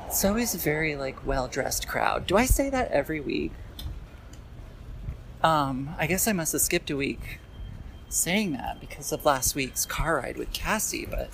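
A man strolls down a city sidewalk and talks into his phone in an unhurried, meandering monologue. He keeps circling back with fillers and self-deprecating asides. Clear street noise runs under his voice. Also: fairly high pitch. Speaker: podcast host walking and talking. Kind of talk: rambling walk-and-talk monologue. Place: outdoors on a busy city street, walking. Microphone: phone held while walking.

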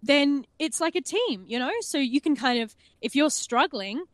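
Animated, laughing woman co-host. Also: sits high, moderate pace, no room sound, studio quality. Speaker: podcast co-host and game master. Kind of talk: casual chat.

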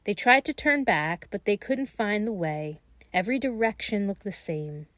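A woman reading a fairy tale aloud in a slow, gentle and expressive way. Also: mid-range voice, no echo. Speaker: storyteller.

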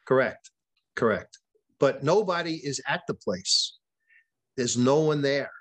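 An author appearing as a podcast guest tells a long story conversationally, quoting what people said, often restarting and repeating words. His medium-pitched voice has lively intonation and a measured pace.

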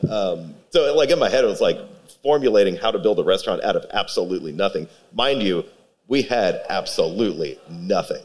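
A man's voice: sits low, animated, fairly quick. A man, a pitmaster guest, chatting casually in an interview with a rambling, filler-heavy delivery. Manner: rambling, many fillers and restarts.

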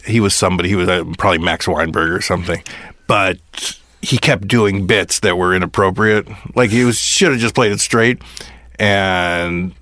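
A man's voice: low voice, moderate pace, sharp tone, no room sound. A middle-aged man, a podcast host and former comedy writer, telling a rambling story in casual chat and restarting his sentences often.

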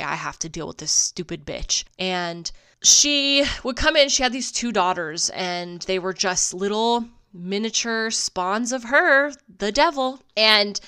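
A woman's voice: medium pitch, pushed and bright, clean tone. A woman hosting a solo podcast, telling stories in a casual, profane, sarcastic way and laughing often. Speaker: podcast host.

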